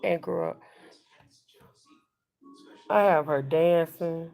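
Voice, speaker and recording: A woman hosts a casual live stream from home, talking to her viewers like old friends. She speaks unhurriedly, drawing out her words. Her voice carries a strong gravelly fry. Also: low-pitched, very slow, a little mellow. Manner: chatty, confiding, addresses viewers as y'all and girl.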